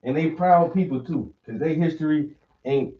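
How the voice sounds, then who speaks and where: At normal speed, a male stream host with a slightly high voice rants casually and with swearing, imitating the voices he quotes. The mic is distant and the audio dull.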